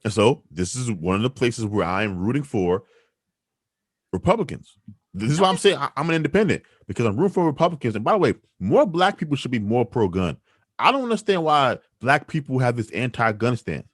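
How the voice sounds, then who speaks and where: A man's voice: mid-range voice, a little fast, dry recording, clean studio sound. A man co-hosting a weekly news talk show, arguing his opinions emphatically and rhetorically. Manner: animated, emphatic, rhetorical, with restarts. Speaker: co-host. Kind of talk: opinionated news commentary chat.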